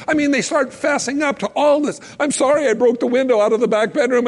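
A man preaching a sermon in a casual, animated way, acting out little scenes and quotes as he goes. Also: very high-pitched, fairly quick, hardly any pauses. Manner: animated, conversational, acts out quotes. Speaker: pastor. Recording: long hall reverb.

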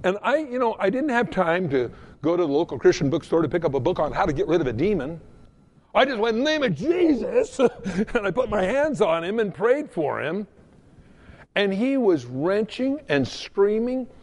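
A man who is a pastor, preaching a sermon and telling a story in an animated way, often repeating words as he goes. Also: high voice, moderate pace.

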